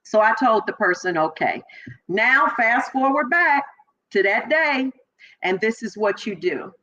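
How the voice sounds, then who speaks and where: A middle-aged woman from Chicago, a former police officer, telling her story as an interview guest and acting out the voices of people she quotes. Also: a little slow. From Chicago, Illinois. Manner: animated, acts out quoted voices with big pitch jumps. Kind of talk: personal storytelling in conversation. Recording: slightly dull lo-fi audio.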